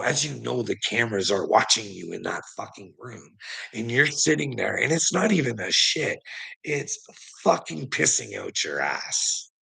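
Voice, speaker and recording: A man's voice: fairly low pitch, creaky, bright, forceful tone, breathy edge, poor audio. A man telling a rambling personal story to a relative, swearing constantly and laughing often.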